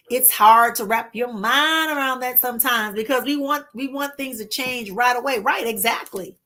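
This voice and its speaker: A woman hosting a casual spiritual livestream, talking warmly to her viewers and reassuring them with slow, repeated phrases. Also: on the high side. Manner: warm, reassuring, addresses viewers as "my love" and "honey"; drawn-out soothing repetitions.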